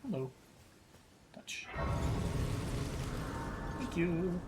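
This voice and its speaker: A man in his thirties, a native Spanish speaker from South America, who streams games and talks in a casual, excitable way with lots of swearing. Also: sits high, very slow, over loud music. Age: 30s. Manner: swears a lot, excitable outbursts. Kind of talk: casual gameplay commentary.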